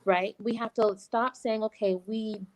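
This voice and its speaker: A woman hosting a podcast in casual chat, animated and affirming, often tagging "right?" onto her points. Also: on the high side, unhurried, low-quality recording. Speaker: podcast host.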